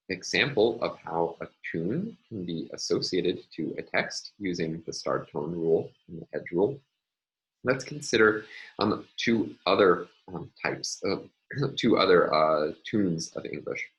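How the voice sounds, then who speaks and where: A man's voice: low-pitched, expressive, unhurried, low-quality recording. A man giving a recorded linguistics lecture, explaining step by step with frequent ums and uhs as he annotates on screen.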